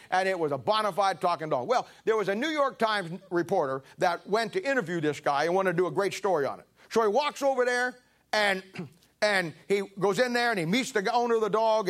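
A man preaching in a loose, folksy way, wandering through a long anecdote before landing the lesson. His voice sits a little higher than most men's. He trips over his words and starts lines again. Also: a bit bright. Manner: folksy, rambling anecdotes with restarts. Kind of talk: sermon with storytelling.

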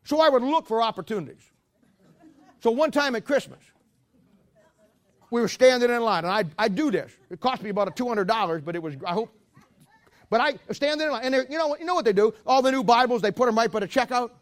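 A man's voice: very high voice, animated, a little fast, long pauses. A man pastor preaching a sermon as a rambling, joking storyteller who walks about while he preaches.

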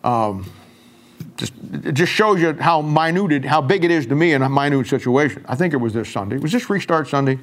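An older man, a pastor, preaching a sermon in a folksy storytelling way and going soft and quiet when he quotes himself. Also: a little high, lively intonation, fairly quick.

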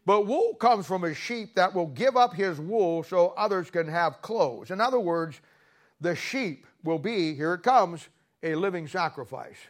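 A man preaching a sermon in a folksy, storytelling way, with sudden loud bursts between quieter stretches. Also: high voice, animated, unhurried.

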